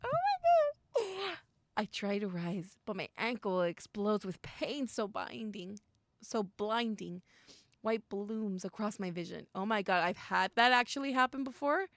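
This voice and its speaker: Excitable young woman with gravelly fry. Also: mid-range voice, unhurried, no room sound. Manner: excitable, gasps and squeals at scary moments, mixes in Spanish. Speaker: streamer playing a visual novel. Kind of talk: reading game text aloud with reactions and chat.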